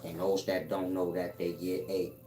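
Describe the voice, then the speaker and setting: With music behind him in an echoey room, a self-help host speaks in a low, warm voice with little pitch movement. At a moderate pace, he lectures viewers in a streetwise, profane, slang-heavy monologue.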